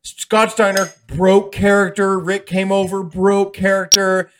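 A man's voice: high-pitched, level tone, unhurried, background noise. A young adult man co-hosting a casual chat show, ranting heatedly with lots of swearing. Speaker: podcast co-host reviewing wrestling events.

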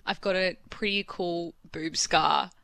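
A woman's voice: on the low side, fairly even intonation, unhurried, creaky, a bit bright, dry recording. Candid woman telling a story. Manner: candid storytelling, acts out quoted voices. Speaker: podcast co-host. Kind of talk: casual chat.

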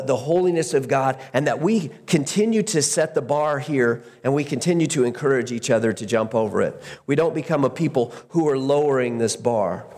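A man's voice: a little high, darkish tone, long reverb tail. A man preaching a sermon as pastor, earnest, repeating words for emphasis and often restarting his sentences.

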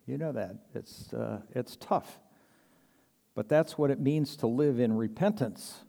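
A man's voice: mid-range voice, unhurried, creaky, warm tone, in a large hall. A man preaching a sermon in a conversational, earnest way, acting out little quoted exchanges and chuckling now and then. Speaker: pastor.

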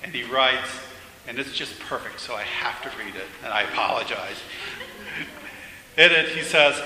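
A man's voice: mid-range voice, lively intonation, moderate pace, bright, forceful tone. Earnest man preaching in echoey church. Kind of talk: sermon. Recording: echoey church hall with faint noise.

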